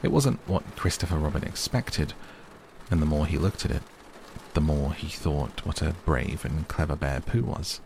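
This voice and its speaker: Calm bedtime storyteller, man, low and gravelly, soft rain under it. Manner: slow, soothing reading. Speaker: audiobook narrator. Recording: faint rain noise behind.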